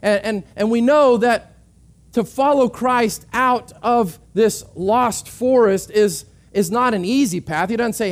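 High-voiced earnest male pastor. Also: measured pace. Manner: earnest, repeating words as he restarts. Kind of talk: sermon.

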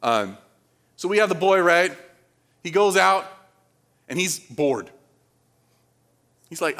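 A man's voice: high-pitched, animated, slow, pauses often, a bit bright. A man from the Dominican Republic preaching a sermon in a casual, conversational way, often checking in with the congregation through questions. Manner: conversational, asks the crowd questions.

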